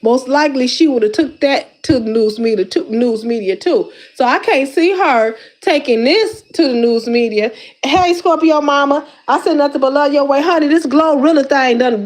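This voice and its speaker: A YouTube commentary host from Detroit chats casually with her viewers in a high, slang-heavy voice. She's animated and exclamatory, repeating the same words over and over, and sounds slightly winded because she's lifting weights.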